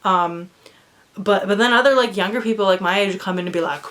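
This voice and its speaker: A young woman vlogging about dolls chats casually in a medium-pitched, slightly bright voice, talking fast and rambling with plenty of fillers. Now and then she drops to a whisper.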